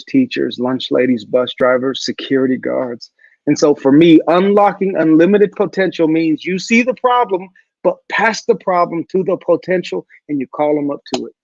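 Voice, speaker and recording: A man speaking as a guest in a video call interview, an animated storyteller who acts out the voices he quotes. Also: a little high, gravelly, dry recording, dull audio.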